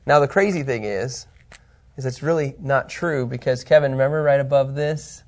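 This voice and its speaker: A man teaching an informal Bible lesson, animated and chatty, often checking in with his listeners and his co-host. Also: mid-range voice, moderate pace.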